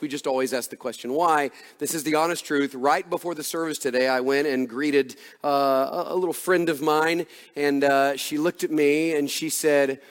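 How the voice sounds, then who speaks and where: Male pastor, slightly high voice, emphatic sermon delivery with light humor, long reverb of a church hall. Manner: preaching with emphatic builds and humor. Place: church sanctuary.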